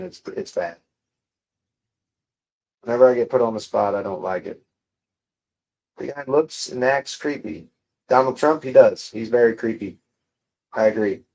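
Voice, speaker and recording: A man's voice: medium pitch, a little mellow, muffled recording. Profane young man streaming live. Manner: profane, mocking, jokey banter with chat. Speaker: livestreamer. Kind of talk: casual live-stream chat reading comments. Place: home room.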